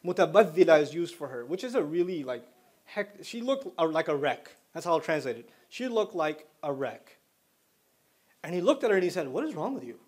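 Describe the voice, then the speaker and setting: Man, high-pitched, Islamic lecture, conversational storytelling, rapid Arabic recitation. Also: very animated, a little mellow, breathy edge. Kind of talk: Islamic lecture to a student audience.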